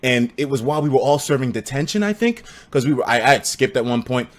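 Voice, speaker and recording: A young man from the United States telling a story on a live stream in a casual, profane, animated way, laughing as he goes. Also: quick pace. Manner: animated, profane, laughs between lines, breaks into loud high shouts.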